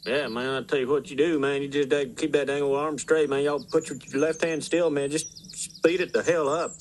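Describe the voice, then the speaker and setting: A drawling, mumbling Texan good ol' boy from an animated sitcom, as a man voices him, his slurred advice running together. The voice sits fairly high for a man, with a faint hiss underneath. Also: normal speed, close to an everyday voice. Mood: laid-back. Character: mumbling laid-back Texan man, slurred fast talk.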